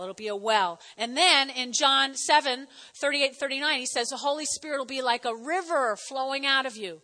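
Woman pastor, middle-aged, New Jersey accent, animated sermon delivery, high bright voice, reverberant church hall. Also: normal speed. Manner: lively, animated preaching with audience call-and-response.

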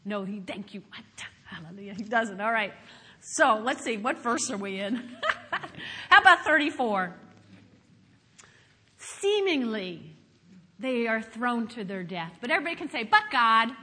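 A woman pastor preaching a sermon, telling stories in an animated way, moving from hushed asides to shouted praise. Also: on the high side, unhurried, pauses often, husky. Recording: long hall reverb.

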